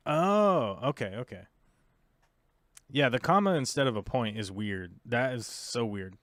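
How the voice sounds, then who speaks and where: A man's voice: mid-range voice, lively intonation, a little slow, a bit bright, dry recording. An American man hosting a livestream, chatting casually and rambling with lots of fillers as he reads viewer comments. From United States. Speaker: livestream host.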